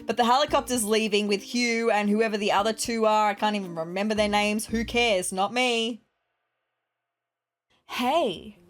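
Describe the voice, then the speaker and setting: A woman YouTuber giving excitable, giggly commentary while playing a life-simulation game. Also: medium pitch, moderate pace. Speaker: gaming YouTuber. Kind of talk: let's play commentary.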